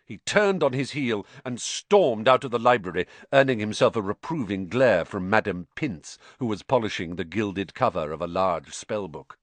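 A man narrating a story in an expressive reading voice, close to the mic. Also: on the low side, dry recording. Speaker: audiobook narrator. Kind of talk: scripted narration.

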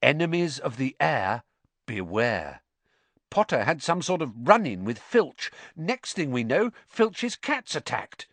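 A man voicing a stout, solemn schoolboy wizard who gossips in a conspiratorial hush. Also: mid-range voice, very animated, slow, no echo, voice pushed up, heavily acted.

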